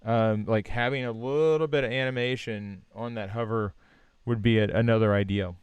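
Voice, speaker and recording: A man hosting a live stream, giving relaxed, encouraging design feedback with many fillers and restarts. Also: fairly low pitch, moderate pace, clear, resonant tone, dry recording, dull audio. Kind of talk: casual live-stream critique.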